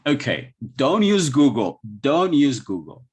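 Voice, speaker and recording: Speaking with a Colombian Spanish accent on a video call, a man leads a conversational IELTS training for teachers, frequently restarting and asking the audience questions. His voice sits fairly high, very animated yet unhurried, with a darkish tone and a breathy edge.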